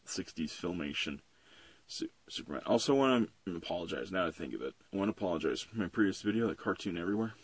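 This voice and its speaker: A young man rambles through a comic book review, profane and loose, with a low, slightly husky voice. The recording is close and dry. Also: expressive, fast, no echo. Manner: rambling and profane, with many fillers.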